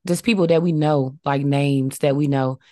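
A woman's voice: sits low, steady tone, normal speed, mellow, no room sound. A woman co-hosting a faith podcast, talking in an earnest, reflective way with many fillers. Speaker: podcast co-host. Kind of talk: casual faith podcast chat.

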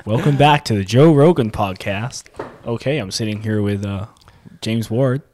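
A young Australian man putting on a deliberately poor impression of a well-known American male podcast host, as a joke intro. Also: lowish voice, darkish tone, slight background noise, close to an everyday voice. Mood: mock-serious. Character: mock Joe Rogan-style male podcast host.

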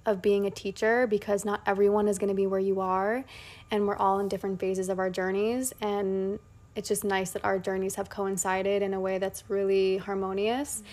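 A woman's voice: mid-range voice, little pitch movement, normal speed, darkish tone. A woman hosting a podcast in casual chat, talking earnestly and reflectively about friendship. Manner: earnest and reflective, then giggly. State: voice strained at the end. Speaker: podcast host. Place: in a bed at home.

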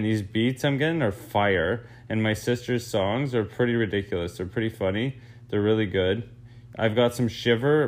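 Rambling lower-voiced male podcaster. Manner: rambling, self-interrupting, casual swearing. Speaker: podcast host. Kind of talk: rambling solo podcast monologue.

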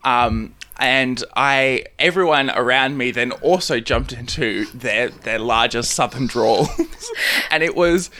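A man's voice: medium pitch, slow pace, sharp tone, slight background noise. A young Australian man hosting a podcast, chatting casually with lots of fillers and small laughs. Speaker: podcast host. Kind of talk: casual interview chat.

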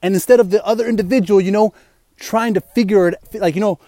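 A man's voice: sits high, steady tone, quick pace, warm tone, no echo. A young man talking as a fitness vlogger in a rambling, slangy way, full of "you know" and "bro". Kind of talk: casual chat.

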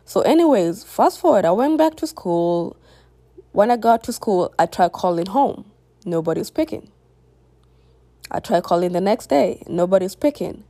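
A woman's voice: medium pitch, expressive, moderate pace, warm tone, dry recording. A young woman telling a personal story to her viewers in a candid, reflective way. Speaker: vlogger. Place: home near a busy road.

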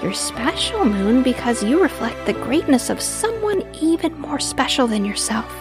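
A woman's voice: high voice, normal speed, music in the background. A woman voicing a cheerful, encouraging astronaut mother in a children's audio story. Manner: bright, encouraging and expressive.

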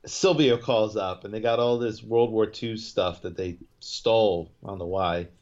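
A man with a fairly low voice talks through a TV episode in a loose, rambling way. He stops and restarts often and leans on filler words. The recording sounds dull and lo-fi. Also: normal speed, darkish tone. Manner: rambling, loose retelling full of "you know" and restarts. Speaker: podcast co-host recapping a TV episode. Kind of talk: casual chat.

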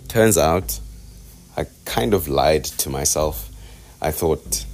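A young South African man talks alone into a podcast mic, drifting from thought to thought and laughing at himself. His voice sits very low. Faint music plays underneath. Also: animated, takes it slowly, a little mellow. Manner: loose, self-mocking, digressive, with many fillers. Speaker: podcast host. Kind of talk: rambling solo podcast chat. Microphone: podcast microphone.

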